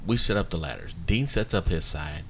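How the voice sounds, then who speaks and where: A man's voice: low-pitched, lively intonation, fairly quick, gravelly, a bit bright, slight background noise. A man casually telling funny job-site stories, laughing often and acting out the people in them. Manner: laughs while telling stories, acts out voices. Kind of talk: casual chat, storytelling.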